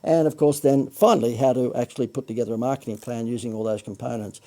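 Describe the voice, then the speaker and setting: An Australian man hosts a livestream sales pitch for a marketing course. His voice is very dark and gravelly, and he talks in a chatty, loose way, full of "uh"s, quick corrections and jokes at his own expense. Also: steady tone. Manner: chatty, joking asides, frequent "uh" and self-corrections. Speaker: marketing coach hosting a livestream. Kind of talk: Facebook Live sales pitch.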